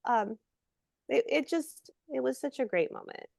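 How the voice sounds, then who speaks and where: A middle-aged woman, an actress guest in a casual interview, telling lively stories and acting out quotes. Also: sits high, a little slow, gravelly, no room sound, studio quality. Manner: animated storyteller, acts out quotes.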